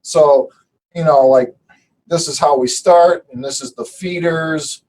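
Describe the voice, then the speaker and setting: A man from the Detroit area joins a casual online group call, his voice sitting somewhat high. He talks in a friendly, polite and rambling way while walking through his projects. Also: unhurried, a little mellow, slight background noise, rough recording. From Detroit area, United States. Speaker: participant showing his projects.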